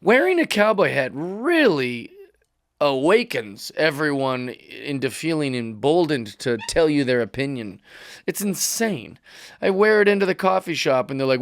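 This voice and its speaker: A man's voice: a little high, very animated, normal speed, no echo. A man, a comedian hosting his own podcast, talks in a rambling, wry, self-mocking way into a studio mic while wearing headphones. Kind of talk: casual podcast monologue.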